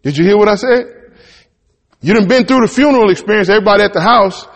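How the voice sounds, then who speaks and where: A male preacher works through a scripture passage, reading it out and then stepping aside to explain it in relaxed, homespun talk. His voice sits high, and the room carries a long, ringing reverb. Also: quick pace. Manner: conversational, reads verses then riffs in folksy Southern-style talk.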